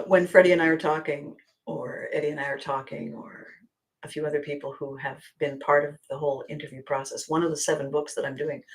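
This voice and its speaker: Lower-voiced woman host, animated storyteller who acts out scenes and slips into quiet asides. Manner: laughs often, drops to quiet asides. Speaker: podcast host and coach. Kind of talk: storytelling monologue.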